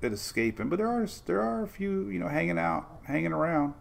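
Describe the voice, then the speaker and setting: A man's voice: on the high side, sing-song, a little fast, vocal fry. An older man hosting a casual weather show, chatty and rambling with homey asides.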